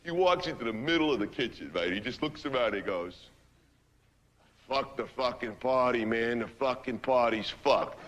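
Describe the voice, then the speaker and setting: A man's voice: medium pitch, expressive, normal speed, a bit bright, in a large hall, a little hiss or hum, lightly acted. An actor playing a brash, streetwise young man who rambles through a story in ungrammatical slang and keeps asking "right?" in a stage monologue. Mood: boastful. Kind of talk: theatrical comic monologue.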